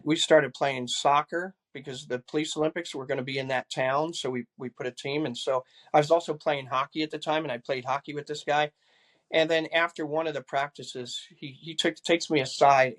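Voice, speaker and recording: Older man telling a story haltingly. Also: mid-range voice, a bit bright. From California. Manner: halting, repeats words, acts out dialogue. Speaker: guest, retired police assistant chief. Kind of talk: casual storytelling interview.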